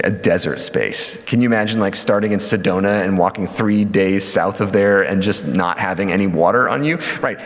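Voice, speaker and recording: Guy teaching in a church hall, chatty with uhs and ums, low-ish voice, echoey. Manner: lively teaching with fillers and acted quotes. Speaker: church lecturer. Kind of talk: lecture on scripture. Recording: hall reverb.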